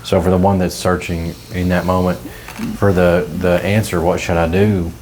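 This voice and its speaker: A man in his thirties with a very low voice, talking through a relaxed faith conversation. He sounds earnest and encouraging and laughs easily, over faint room ambience. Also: normal speed, a little hiss or hum. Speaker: ministry podcast host.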